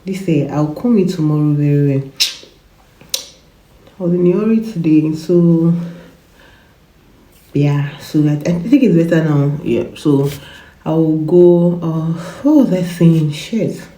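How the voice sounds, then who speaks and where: A woman in her twenties vlogs to her phone camera, chatting in a low, warm voice that's slow with frequent pauses and roomy sound. She has a cough, rambles, repeats words and laughs often.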